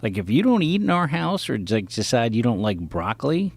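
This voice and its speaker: A man's voice: mid-range voice, sing-song, a little fast, vocal fry, slightly rough. A middle-aged man, a comedian guest on a podcast, talking in earnest, casual, self-searching chat with casual swearing.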